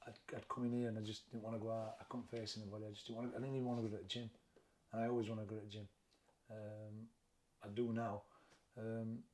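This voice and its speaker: Gravelly Sheffield man, plain-spoken. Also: mid-range voice. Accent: Sheffield, Yorkshire. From England. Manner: plain-spoken, halting, repeats words. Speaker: boxing trainer, interview guest. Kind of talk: candid personal interview.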